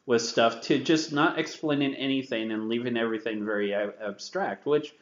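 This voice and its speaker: A man's voice: medium pitch, normal speed. Mocking man on an echoey podcast. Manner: laughing, mocking, lots of restarts. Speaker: podcast co-host. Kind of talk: casual movie review chat. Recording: echoey, dull lo-fi room sound.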